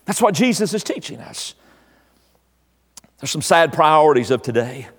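High-voiced older preacher in a reverberant hall. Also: male voice, sing-song, moderate pace, slightly rough. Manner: preaching with swells and drops in volume. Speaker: pastor. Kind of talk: sermon. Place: church.

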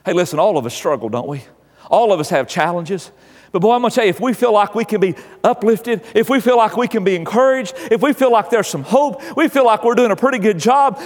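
A man's voice: high voice, big-room sound. A male pastor preaching a sermon, emphatic and exhorting, repeating key phrases.

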